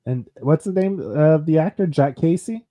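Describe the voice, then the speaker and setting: A co-host in casual chat with brief, low-key remarks. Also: animated, moderate pace, dark tone. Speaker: podcast co-host.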